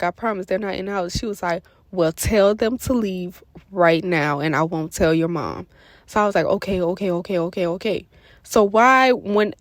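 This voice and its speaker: A woman's voice: medium pitch, dry recording, clean studio sound. A young woman, telling a casual storytime to viewers and acting out the quotes in her story. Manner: animated, addresses viewers as y'all, acts out quotes. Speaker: storytime vlogger.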